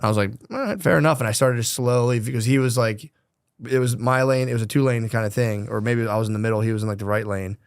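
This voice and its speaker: A young man co-hosting a comedy podcast, telling stories in a loose, animated way and laughing often. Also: lowish voice, quick pace, smooth, no echo, clean studio sound. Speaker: podcast co-host. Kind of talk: casual comedy chat.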